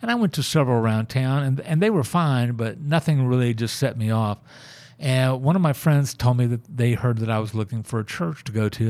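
Speaking as a church member, a man with a darkish mid-range voice relates a Bible story and his personal faith story. His style is relaxed and folksy, and he dramatizes the words he quotes.

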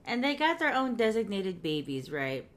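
This is a woman in a casual podcast chat, walking through a sitcom episode scene by scene. Her voice sits at a middle pitch, and she talks loosely and conversationally, leaning on fillers as she goes. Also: very animated, normal speed. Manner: chatty, fills with "you know" and "like", laughs often. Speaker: podcast co-host.

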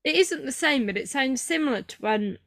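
A woman's voice: high-pitched, expressive, a little fast, gravelly, a bit bright, no room sound, studio quality. A young woman from England hosting a casual podcast chat, rambling and self-mocking with plenty of ums. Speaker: podcast host.

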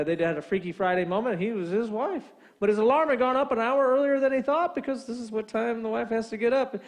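A male pastor telling a humorous story in a sermon, reeling off rapid lists of chores and often checking in with "right?". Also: high voice. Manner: animated joke-telling, rapid-fire lists, frequent "right?".

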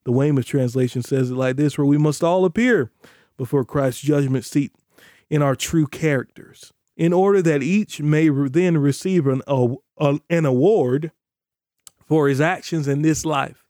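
A pastor delivers a podcast sermon at a moderate pace in a warm, mellow voice, a little high for a man. He preaches emphatically, drawing out key phrases when stressing scripture. The recording is dry and close, with no echo or room sound.

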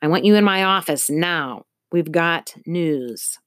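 A woman's voice: on the low side, slow, a bit bright, no echo, clean studio sound. A woman voicing an angry, bossy male store manager who barks short orders. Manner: curt, commanding.

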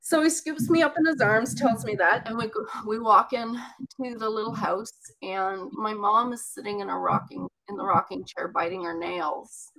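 A woman's voice: medium pitch, vocal fry, a bit bright, rough recording. A woman telling a personal childhood story in conversation, chatty and rambling with many asides.

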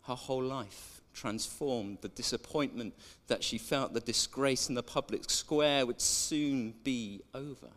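A man's voice: medium pitch, unhurried, few pauses, fairly bright tone. A man preaching a sermon in a chatty way, drawing in the congregation with questions. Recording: echoey church hall.

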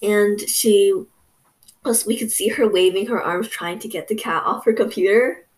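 A young woman telling a story on a casual podcast, rambling and full of "like". She quotes the people she talks about, at a middling pitch. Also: moderate pace. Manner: rambling, fillers like "like", quoting others. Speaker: podcast co-host.

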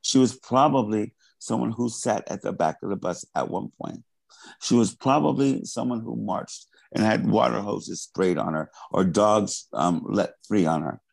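A man's voice: on the low side, moderate pace, gravelly, no room sound, rough recording. A male artist in an interview, speaking earnestly and with passion, often restarting and repeating words. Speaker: artist guest. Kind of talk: interview conversation.

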